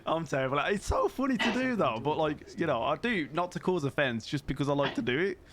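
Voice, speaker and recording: A man's voice: a little high, lively intonation, fairly quick, fairly bright tone. A man hosting a game stream, chatting casually and joking at his own expense. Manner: jokey, laughs at himself. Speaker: streamer host.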